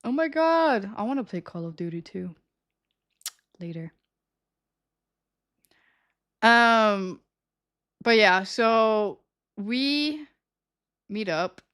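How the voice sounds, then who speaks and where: A woman's voice: on the high side, lively intonation, very slow, long pauses, a bit bright. A young adult woman streams and tells her chat a story in a loose, casual way. She giggles often and keeps up a chatty, confiding flow.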